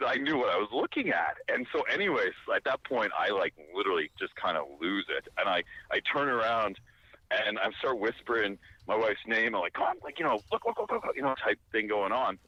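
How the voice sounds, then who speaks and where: A man telling a long casual anecdote, animated and rambling, full of fillers and restarts. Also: on the low side, a little fast, slightly rough, no room sound, dull audio. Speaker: storyteller.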